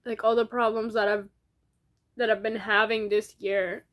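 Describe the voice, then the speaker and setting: A young woman talking to her camera in a casual diary vlog while crying, rambling in halting phrases with many restarts. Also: a little high. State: tearful, crying. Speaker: vlogger. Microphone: camera in front of her.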